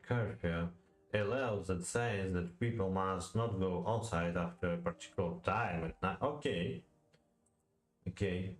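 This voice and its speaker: A low-voiced man whose first language is Russian thinks his way aloud through a lesson on poetic meter. He speaks slowly, with a lot of hesitation, halting restarts and repeated words. The recording has a roomy echo and faint music in the background. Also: animated. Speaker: language learner. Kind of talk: thinking-aloud study session.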